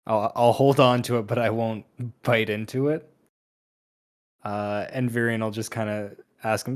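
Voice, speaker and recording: A player speaking slowly and hesitantly in a casual tabletop game, often restarting words. The voice sits at a middle pitch. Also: steady tone. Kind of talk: casual tabletop role-play.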